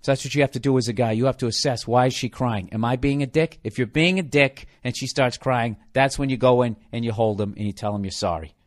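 A man's voice: mid-range voice, fast, hardly any pauses. A man in his forties from the United States, a comedian hosting a podcast, delivering a profane, sarcastic rant. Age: 40s. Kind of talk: ranting comedic monologue.

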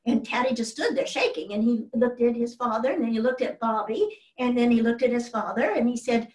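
A woman's voice: fairly high pitch, a little fast, darkish tone, lightly acted. A woman playing a genteel 1800s widow in a live one-woman historical reenactment, telling family stories in a fond, chatty way. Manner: fond, chatty storyteller with exclamations. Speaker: actress portraying a historical first lady. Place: stage before a live audience. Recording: roomy hall from a distant mic.

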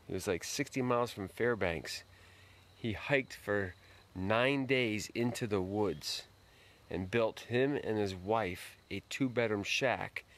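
A man's voice: on the low side, slow pace. A man hosting a late-night live stream outdoors, greeting viewers by name and giving a folksy, earnest motivational talk.

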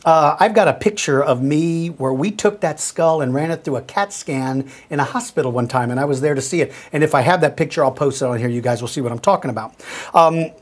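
Husky-voiced friendly male host. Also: a little high, a little fast. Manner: friendly, folksy, speaks directly to young viewers. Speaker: host answering viewer questions. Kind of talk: casual explanatory talk.

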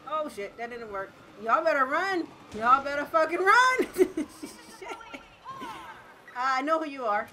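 A young woman, giving loud, excitable gameplay commentary, swearing often, shouting and laughing as she plays. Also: mid-range voice, noisy background. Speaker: gaming streamer.

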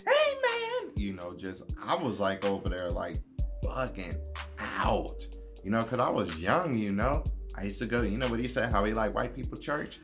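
A man giving casual reaction commentary in a laid-back way, leaning on fillers. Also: on the low side. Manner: laid-back, heavy on "you know" fillers. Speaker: video reactor.

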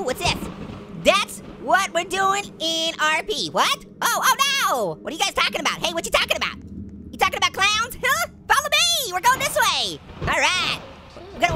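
A gaming channel host gives cartoon-character game commentary in a full character voice as a squeaky, giggly talking orange, a male wisecracking prankster. He puns, giggles and chatters excitedly over loud game music.

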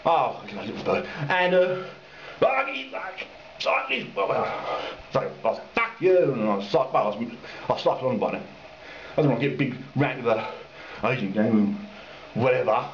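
Filming himself, a cyclist fumes about drivers wanting directions from him, cursing and imitating them in silly voices as he rambles on. He has a medium-pitched, lively voice and speaks a little fast. A little hiss or hum sits under the dull, roomy lo-fi audio, which carries faint ambience.

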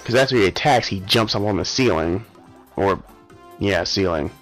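A man's voice: on the low side, animated, moderate pace, fairly bright tone, soft background music, low-quality recording. Offhand young man commenting on a game. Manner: offhand, sarcastic, mumbling asides. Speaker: let's play host. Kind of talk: casual gameplay commentary.

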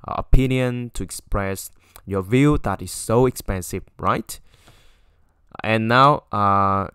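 A man teaching a language lesson, stopping often to say "okay" and repeating example phrases in a louder voice. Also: lowish voice, smooth, dry recording, clean studio sound. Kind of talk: explaining a textbook lesson.

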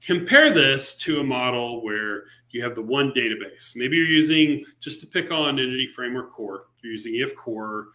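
A man talks through code at a virtual meetup in a chatty, unscripted way. His voice has a bright, forward edge, and he is in the middle of explaining, stumbling and restarting as he goes. Now and then a dry, sarcastic remark slips in. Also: medium pitch, normal speed, hardly any pauses. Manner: conversational, with frequent fillers and restarts, mildly sarcastic asides. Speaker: featured speaker presenting a software library. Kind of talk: technical presentation on a live stream. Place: remote meetup talk over a video call.

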